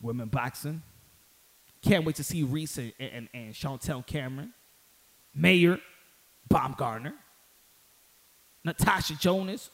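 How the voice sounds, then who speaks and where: A man's voice: fairly high pitch, slow, gravelly, pauses often, a bit bright. A man giving casual solo boxing commentary in an emphatic, slangy way, repeating phrases for stress and rising to heated outbursts.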